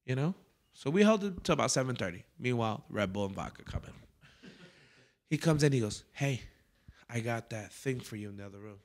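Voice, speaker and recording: A comedian hosting a comedy podcast, this man has a medium-pitched voice and talks a little fast. He tells a story casually and profanely, acting out other people's quotes along the way.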